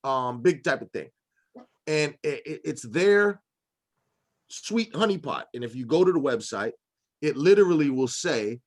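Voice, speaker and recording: A man's voice: a little high, lively intonation, a little slow. A man hosting a casual panel discussion, rambling with many fillers and restarts. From Boston. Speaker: discussion host.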